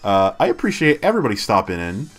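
A man's voice: on the low side, huge pitch swings, fast, faint music behind. A man chatting casually on a game live stream, laughing and self-deprecating, with lots of fillers.

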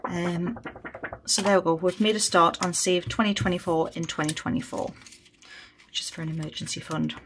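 A woman's voice: lowish voice, steady tone, moderate pace, fairly bright tone, slight background noise. A woman chatting casually on a budgeting vlog, thinking aloud as she counts money. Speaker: budgeting vlogger. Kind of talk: casual chat while cash stuffing.

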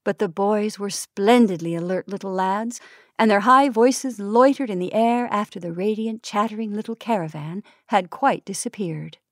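A woman from the San Francisco Bay Area reading vintage short stories aloud in a measured storytelling manner, lightly voicing the dialogue. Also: mid-range voice, dry recording, studio quality. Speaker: narrator.

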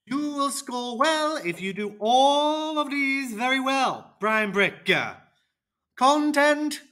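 A performer plays a cheerful, confident speaking coach for children in an upbeat educational roleplay, speaking slowly and deliberately like a teacher. The exaggerated voice is bright and clear, with pitch that bounces lively up and down.

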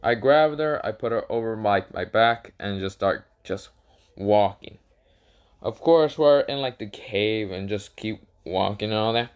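Rambling low-voiced man telling a story. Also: unhurried, clean tone. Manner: rambling, filler-heavy, self-correcting. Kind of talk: casual fan-fiction storytelling.

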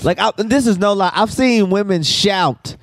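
A man co-hosting a podcast in casual, profane and animated chat, ranting at times. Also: high voice, a little slow, no room sound, studio quality. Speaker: podcast co-host.

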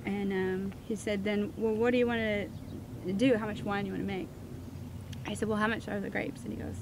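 Animated woman telling her story. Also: mid-range voice, brisk, gravelly, noisy background. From Missouri. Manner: animated storyteller, acts out quoted dialogue. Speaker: winemaker, guest. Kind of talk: interview storytelling.

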